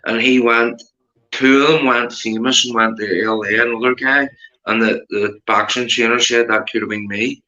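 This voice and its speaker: Chatting casually at a moderate pace on his livestream, a Belfast man from Northern Ireland calls everyone mate. His animated pitch rises come through dull, reverberant audio.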